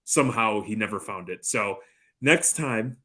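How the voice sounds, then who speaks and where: A man's voice: on the low side, animated, unhurried, bright, forceful tone. Man, thirties, podcast co-host, rambling storyteller, dry humor, swears freely. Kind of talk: casual chat.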